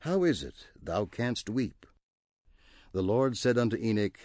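A man reading scripture aloud in a measured, reverent cadence. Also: lowish voice, big pitch swings, a little mellow, dry recording. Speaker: scripture reader.

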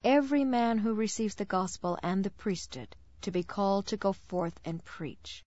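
A woman reading scripture verse summaries in a plain, even, formal way. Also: mid-range voice, moderate pace, no room sound. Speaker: scripture reader. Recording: dull lo-fi dry recording.

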